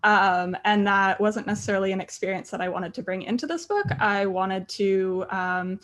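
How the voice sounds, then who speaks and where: A woman's voice: medium pitch, normal speed, fairly bright tone, slight background noise. A woman in her thirties on a book panel, speaking hesitantly with many fillers, her voice breaking with emotion. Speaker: graphic novel author on a panel. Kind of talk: panel discussion.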